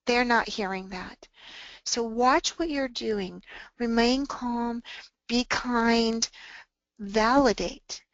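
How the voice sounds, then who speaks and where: Woman presenter, somewhat high voice, calm and earnest workshop delivery; dry, dull-sounding recording. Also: no echo. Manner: calm, earnest, acts out example phrases to students. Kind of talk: workshop talk.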